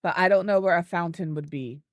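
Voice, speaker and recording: A gaming video creator with a lowish, slightly fast voice offers casual commentary, thinking aloud while she builds and cooing baby talk at an animal. The recording is studio quality with no echo.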